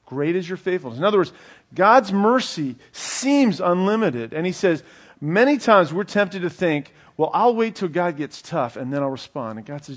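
A man's voice: high-pitched, lively intonation, normal speed. A man preaching a conversational Bible teaching, checking in with his listeners with a frequent "okay?". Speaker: pastor. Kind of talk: sermon.

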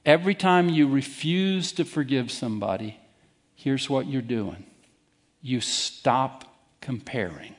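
A pastor delivers a sermon in a mid-range voice, speaking emphatically and deliberately as he challenges his listeners head-on.

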